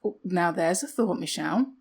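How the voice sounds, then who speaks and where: A British woman co-hosts a podcast, chatting casually with self-deprecating asides and rhetorical questions. Her lowish voice has lively intonation, a moderate pace, and a creaky, darkish tone with a breathy edge.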